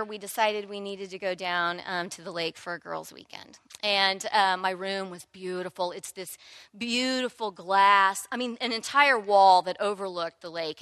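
A woman in her thirties telling a personal faith story in an animated, candid way. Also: medium pitch, smooth, no echo. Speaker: church member sharing a testimony.

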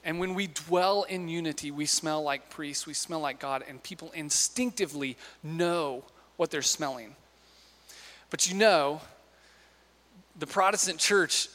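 With a fairly high, slightly bright voice, this male pastor tells stories and asks the congregation questions in a chatty sermon, recorded with long reverb from the hall.

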